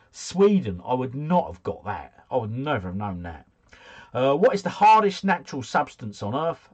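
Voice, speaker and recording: A man's voice: mid-range voice, slightly rough. A man hosting a trivia quiz, reading out questions and answers and adding chatty, joking asides. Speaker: quiz host.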